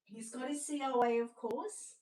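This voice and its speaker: A woman's voice: fairly high pitch, normal speed. Gushing Australian woman, roomy distant sound. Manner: chatty, gushing, drops to a hushed voice over sweet babies. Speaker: doll seller hosting a live showcase. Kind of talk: live-stream sales showcase. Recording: roomy sound, away from the mic.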